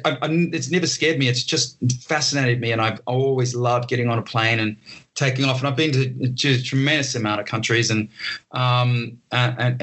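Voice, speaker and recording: A middle-aged Australian man talking in a relaxed interview, rambling with lots of restarts and fillers. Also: mid-range voice. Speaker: guest, entertainer. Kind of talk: casual interview talk.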